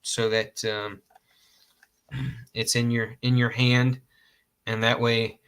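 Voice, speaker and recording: A man from Georgia talks through a casual gear review at an unhurried, drawn-out pace. His voice is bright and forward. He rambles and restarts his sentences, chuckles at his own jokes and throws in a mild curse now and then. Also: mid-range voice, little pitch movement, smooth. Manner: rambling, self-correcting, laughs at own jokes, mild cursing. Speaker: host reviewing outdoor knives.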